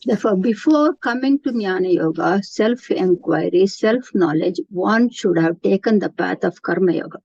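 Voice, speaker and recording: A woman's voice: medium pitch, normal speed, gravelly, few pauses, a little mellow. A woman giving an earnest, explanatory spiritual lecture, often restarting her sentences. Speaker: Gita teacher. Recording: dull, dry lo-fi recording.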